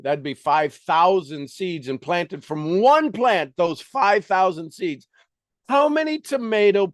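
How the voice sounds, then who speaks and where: Guy reading self-help stuff out loud, keeps stopping to preach at you, kinda high voice, dry sound. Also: no room sound. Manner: emphatic, preachy, often breaks off to riff and ask listeners questions. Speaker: motivational book reader and coach. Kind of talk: reading a self-help book aloud with commentary.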